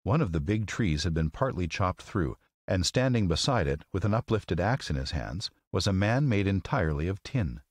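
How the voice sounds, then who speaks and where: A man narrating a classic children's story as an audiobook, with an expressive, measured reading. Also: sits low, no echo, studio quality.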